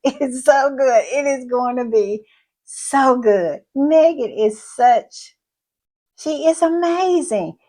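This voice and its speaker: A woman's voice: high-pitched, expressive, slow, darkish tone. A woman hosting her own channel, talking in a casual, effusive way to her viewers with many exclamations. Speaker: royal commentary channel host. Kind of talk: casual commentary.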